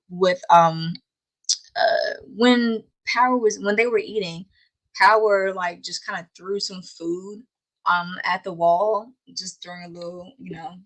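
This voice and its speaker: A woman's voice: on the low side, fairly bright tone, low-quality recording. A woman hosting a casual anime recap, laughing often and playfully scolding the characters. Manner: exasperated, scolding asides.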